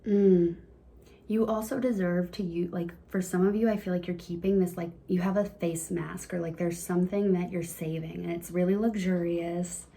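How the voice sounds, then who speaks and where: A woman giving a casual, encouraging card reading to her viewers, chatty and quick to laugh. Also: lowish voice, fairly even intonation, gravelly, dark tone. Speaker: tarot reader.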